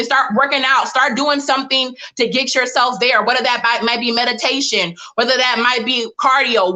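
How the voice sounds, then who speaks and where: A woman with a bright, slightly high voice gives a motivational talk to a live online audience. She tells personal stories in a direct, lively way and speaks straight to her listeners as "y'all." She talks into a webcam or phone mic on a live stream.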